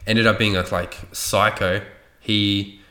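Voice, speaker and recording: A man's voice: on the low side, flat delivery, slow, pushed and bright, reverberant. A man telling a rambling story in casual chat, swearing freely and loose with his facts.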